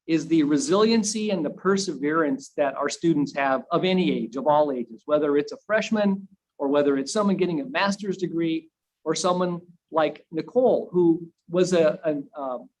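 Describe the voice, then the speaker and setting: A man, a university administrator, giving a halting speech in a video meeting from his own room, repeating words and pausing on fillers. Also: on the high side, a little mellow, slight background noise, rough recording. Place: home room used for video calls. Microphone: computer video call.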